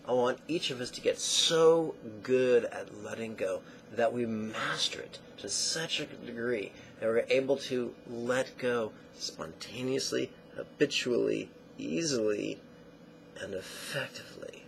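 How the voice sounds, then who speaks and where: A man teaching a guided meditation lesson in slow, deliberate phrases that trail off into soft near-whispers. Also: medium pitch, vocal fry, a little hiss or hum, rough recording.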